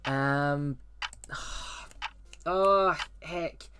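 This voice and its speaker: A man ranking films in a rambling, excitable and sarcastic casual chat. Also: a little high, very slow, noisy background.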